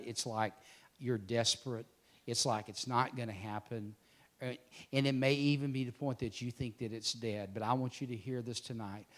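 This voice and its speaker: A man preaching a sermon, swinging between loud emphatic declarations and hushed, intense passages. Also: mid-range voice.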